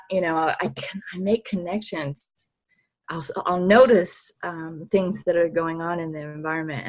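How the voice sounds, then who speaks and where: A woman guest on an interview show, telling stories in a lively, laughing way and swearing freely. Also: on the low side. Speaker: podcast guest, healer. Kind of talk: casual interview storytelling.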